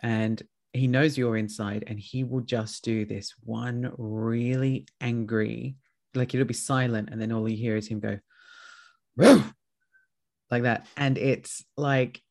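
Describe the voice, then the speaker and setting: A man hosting a casual chat, telling lively stories with plenty of swearing. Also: medium pitch, a little slow, gravelly. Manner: chatty, swears freely, tells animated stories.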